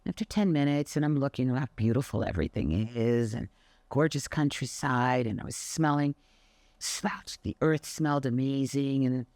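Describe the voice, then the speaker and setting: A woman's voice: very deep voice, normal speed, dry recording. Older woman, Pilates instructor, motivational talk, emphatic, dry close sound. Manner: emphatic and expressive, acts out anecdotes. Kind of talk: motivational monologue.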